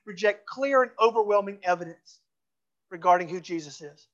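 A pastor preaching a sermon in a church, fervent and repeating phrases for emphasis, dropping to a hush for closing pleas. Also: medium pitch, expressive, normal speed, dull audio. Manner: drops to a hushed voice for closing pleas. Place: church sanctuary.

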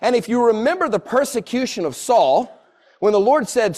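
A man in his forties preaches with a notably high-pitched voice. He is earnest and circles back on his phrases to drive each point home. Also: expressive, moderate pace, a little mellow. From Southern United States. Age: 40s. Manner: earnest, repeats phrases for emphasis. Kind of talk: sermon.

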